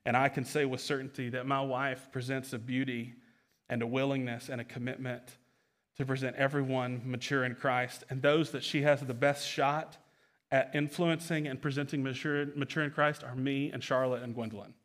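A man's voice: medium pitch, flat delivery, normal speed, a bit bright. A young man preaching a sermon as pastor, emphatic, often repeating phrases and restarting sentences.

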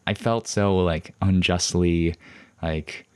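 A man's voice: deep voice, steady tone, slow pace, darkish tone, clear, resonant tone. A young man hosting a podcast, rambling through a personal story with many fillers and restarts, frustrated and defensive. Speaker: podcast host.

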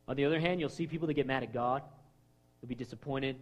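A man preaching a sermon in a conversational way, acting out quoted voices and swinging between loud lines and hushed ones. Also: medium pitch, fast. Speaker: pastor.

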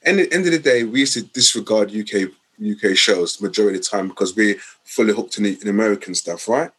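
A man's voice: on the low side, a little fast, fairly bright tone, husky. A man, a podcast co-host, insistently talking over others in casual chat.

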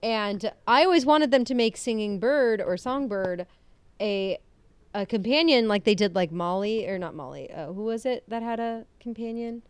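An excitable young woman chatting on a podcast, her pitch bouncing all over the place. Her voice is smooth and clear, and it sits a little high. The recording is dry and close, with no room sound. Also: normal speed, no echo. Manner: excitable, gushing, laughs often. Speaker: podcast co-host. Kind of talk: casual chat.

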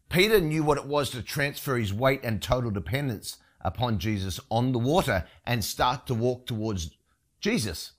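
Animated male preacher. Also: medium pitch. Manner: expressive, emphatic storytelling. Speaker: pastor. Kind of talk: sermon.

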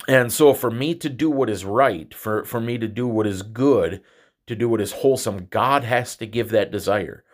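Low-voiced man musing haltingly. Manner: halting, many restarts and repeated words. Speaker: podcast host. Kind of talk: reflective religious monologue.

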